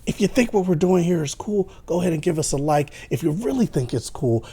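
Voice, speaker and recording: A man in a whispered role-play, giving a playful, jokey movie review in a hushed voice. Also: on the high side, animated, fairly quick, husky.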